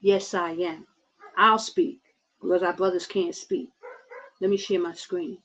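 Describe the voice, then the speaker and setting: A woman's voice: fairly low pitch, steady tone, a little slow, fairly bright tone, poor audio. A woman preaching fervently to her listeners as brothers and sisters, repeating herself and restarting her sentences. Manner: repeats words and restarts often. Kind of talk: impassioned online sermon.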